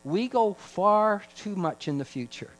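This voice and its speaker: A man preaching a sermon as pastor, voice climbing for emphasis and dropping low for stories. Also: expressive, measured pace, poor audio.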